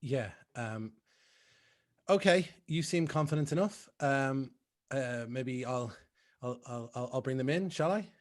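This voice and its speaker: A man's voice: mid-range voice, expressive, a little slow, close to an everyday voice. A man improvising a nervous father who stammers and apologizes in a comedy scene. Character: anxious middle-aged father.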